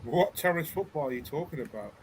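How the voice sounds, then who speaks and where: A man's voice: fairly high pitch, animated, fast talker, a little hiss or hum. A man with a northern English accent arguing his side in a casual football chat. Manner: defensive, argumentative.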